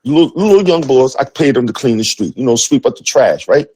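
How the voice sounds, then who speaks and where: Husky-voiced man telling a heated story. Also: medium pitch, lively intonation, fairly quick, darkish tone, dry recording. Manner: profane, emphatic, acts out dialogue. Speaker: sports show co-host. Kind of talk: animated storytelling.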